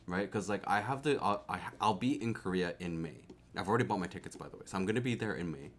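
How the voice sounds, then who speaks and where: Excitable low-voiced male streamer. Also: fast. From Canada. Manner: excitable, laughs often, repeats words. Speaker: keyboard streamer. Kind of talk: casual live-stream chat.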